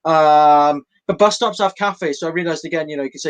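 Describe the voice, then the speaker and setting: A man's voice: a little high, a little fast, poor audio. Rambling young man doing stand-up. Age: young adult. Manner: meandering, self-deprecating, full of fillers. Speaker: stand-up comedian. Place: home, online showcase.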